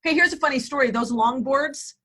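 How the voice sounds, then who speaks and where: A woman in her forties, a real estate agent and coach, telling stories in a lively, profane, laughing way from her office in a casual interview. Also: sits high, brisk. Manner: animated, profane, laughing storyteller.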